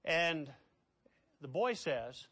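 A middle-aged man preaching a sermon as pastor. He swings between hushed, quiet passages and loud, impassioned ones. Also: on the high side, big pitch swings, extremely slow.

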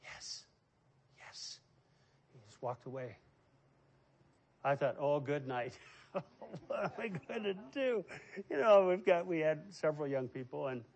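A middle-aged man preaching a sermon, emphatic and loud on key words. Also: mid-range voice. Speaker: pastor.

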